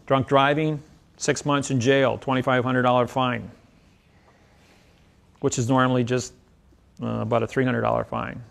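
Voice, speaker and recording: A man's voice: mid-range voice, little pitch movement, normal speed, creaky, pauses often. A man speaking as a seminar speaker, telling rambling anecdotes packed with legal citations. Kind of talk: storytelling lecture.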